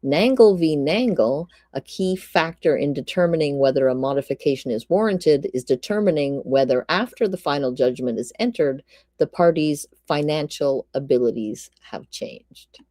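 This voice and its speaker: Her low-pitched voice is animated and warm, at a normal pace, with no room sound. She's live-streaming a read-through of a court ruling, breaking off occasionally to say hello to chat and toss out dry remarks.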